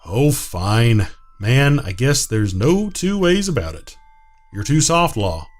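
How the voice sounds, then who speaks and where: A kind, earnest young woman who speaks gently and with feeling, as a man lifts his voice to read her. Her pitch moves a lot as she talks. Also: very animated, takes it slowly, soft background music.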